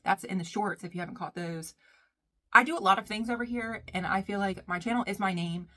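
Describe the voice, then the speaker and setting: A woman's voice: mid-range voice, fairly quick, bright, forceful tone. Chatty woman vlogging. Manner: chatty, rambling, says "y'all" often. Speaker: beauty vlogger. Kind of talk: casual chat while doing makeup.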